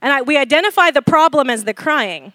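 A woman in her forties preaching a sermon, animated and laughing often as she questions the congregation. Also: high voice, a little fast, no echo, clean studio sound. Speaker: pastor.

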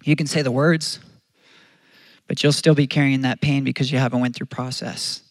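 A man's voice: medium pitch, fairly even intonation, moderate pace, dry recording. A man preaching a sermon as pastor, earnest and conversational, often restarting his phrases.

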